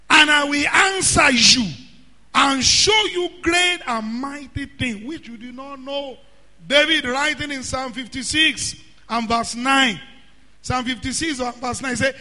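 A man preaching a sermon, often shouting and drawing out words. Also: very high-pitched, lively intonation, unhurried. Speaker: pastor. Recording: hall reverb.

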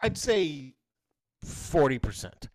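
A man in his thirties, a podcast co-host, telling a story in casual chat and jumping into high voices to quote his kids. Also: slow pace, dry recording. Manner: animated, jumps to high voices when quoting his kids.

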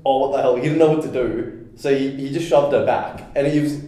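A man's voice: mid-range voice, a little fast. A young man, co-hosting a podcast, chatting casually with friends and acting out the voices in his stories. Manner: animated storyteller, acts out quoted voices. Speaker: podcast co-host. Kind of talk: casual chat among friends. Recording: very echoey room.

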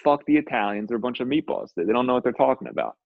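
A man's voice: medium pitch, lively intonation, racing, creaky, no room sound. A man co-hosting a podcast in casual chat, laid-back and joking, saying "dude" a lot, on dull lo-fi audio. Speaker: podcast co-host.

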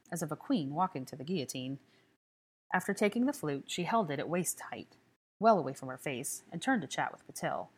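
Woman narrating a story, low voice. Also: husky. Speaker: audiobook reader. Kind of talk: scripted narration.

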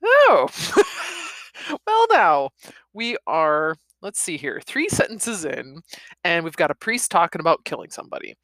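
A woman's voice: deep voice, animated, moderate pace, fairly bright tone, dry recording. A woman reading a novel aloud and stopping for chatty, laughing comments. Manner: chatty, laughs between passages. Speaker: reader.

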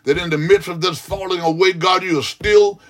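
A man's voice: high-pitched, fairly even intonation, moderate pace, fairly bright tone. A man praying aloud as a pastor, fervent and rhythmic, with frequent "hallelujah" interjections. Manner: repetitive, rhythmic preaching cadence. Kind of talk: extemporaneous prayer.

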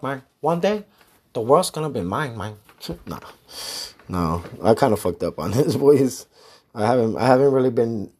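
A man chatting alone on his podcast in an easygoing, meandering way. His talk is loose and slangy, with casual swearing. His voice sits at an ordinary middle pitch. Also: darkish tone, breathy edge. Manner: laid-back, slangy and profane, rambling. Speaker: podcast host. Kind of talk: casual solo podcast chat.

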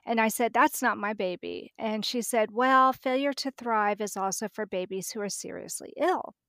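Animated middle-aged woman telling a story. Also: fairly high pitch, moderate pace, no room sound, studio quality. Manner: vivid storytelling, acting out dialogue. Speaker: podcast guest. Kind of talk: storytelling in a podcast interview.

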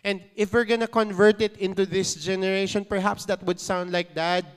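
A man's voice: high-pitched, level tone, brisk, smooth. A man with a Filipino accent preaching a sermon in a conversational way, with playful asides. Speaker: pastor.

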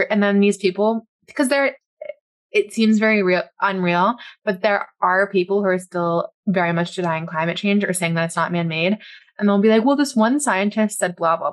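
Exasperated woman podcast co-host. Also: medium pitch. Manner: casual, exasperated, lots of "like". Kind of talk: casual podcast chat.

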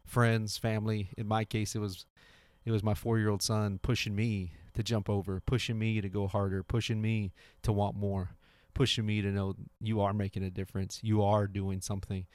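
A man's voice: fairly low pitch, flat delivery, moderate pace, darkish tone, no room sound. A man in his thirties hosting a podcast, talking in a casual, earnest motivational monologue with many restarts. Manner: earnest, repeats himself, restarts often. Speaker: podcast host. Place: home garage.

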